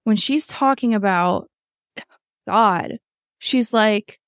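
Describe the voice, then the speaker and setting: Higher-voiced woman host, animated and foul-mouthed, recorded close and dry. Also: measured pace, no room sound. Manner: animated, swears freely, acts out quotes. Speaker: podcast host. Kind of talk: casual recap chat.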